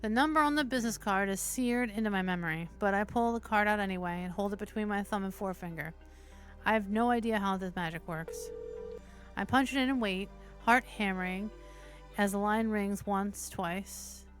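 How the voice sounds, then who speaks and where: A female streamer reads a visual novel aloud in steady narration, breaking between passages for casual asides full of cursing. She has a medium-pitched voice at normal speed, with soft music in the background.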